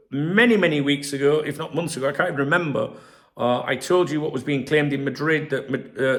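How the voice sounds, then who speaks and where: Gravelly man, rambling chat. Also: a little high, a bit bright. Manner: rambling, chatty, swears freely. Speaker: football news channel host. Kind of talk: casual solo commentary to camera.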